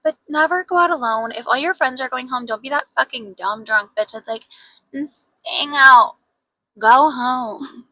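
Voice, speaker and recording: A young woman with a bright, clear voice and a slightly high pitch. She co-hosts a podcast and tells stories in casual chat, with "like" in nearly every phrase and swearing along the way. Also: brisk, hardly any pauses, dry recording, low-quality recording. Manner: chatty storyteller, heavy use of "like", swears freely. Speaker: podcast co-host.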